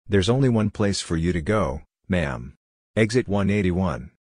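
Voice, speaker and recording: A stern, intimidating monster posing as a highway cop, voiced by a man, in a very deep, low-pitched voice, mocking and menacing. The recording is dry and close. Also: lively intonation, a little slow, a little mellow, no room sound.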